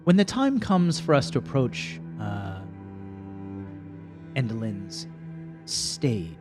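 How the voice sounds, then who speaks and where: A man doing a solemn male fey guide in a tabletop fantasy game, a dandelion-like fairy who speaks in a measured, cautious way and warns his companions gently. His voice sits at a middling pitch with faint music playing underneath. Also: very animated. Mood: earnest. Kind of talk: tabletop character voice.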